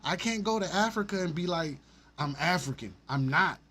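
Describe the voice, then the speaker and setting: A man's voice: high-pitched, animated, fairly quick, fairly bright tone, a little hiss or hum. A man from Alabama, hosting a casual livestream and talking bluntly and animatedly, with frequent swearing and laughter. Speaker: stream host.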